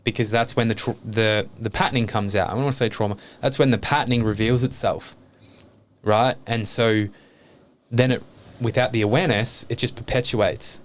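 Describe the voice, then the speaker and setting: A man's voice: mid-range voice, steady tone, moderate pace. A man talking openly and earnestly as a podcast guest, reflecting on his life and swearing casually.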